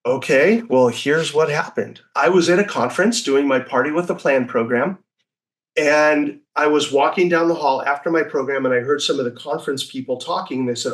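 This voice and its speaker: A man in his sixties telling stories as a podcast guest, lively and acting out the voices of people he quotes. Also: fairly high pitch, moderate pace. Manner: animated, acts out quoted voices. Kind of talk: casual storytelling.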